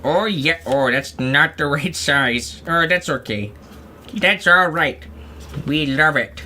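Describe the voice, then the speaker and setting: A man's voice: fairly high pitch, slow, bright, forceful tone. A man live-streaming while he crafts, rambling in goofy, playful self-talk with lots of little asides. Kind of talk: casual livestream chatter while crafting.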